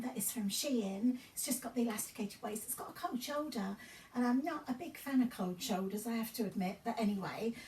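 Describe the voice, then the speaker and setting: A woman's voice: on the high side, warm tone, a little hiss or hum. A woman in her fifties chatting casually in a vlog, rambling through her story with many ums and restarts. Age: 50s. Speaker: fashion vlogger. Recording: roomy sound from a distance off the mic.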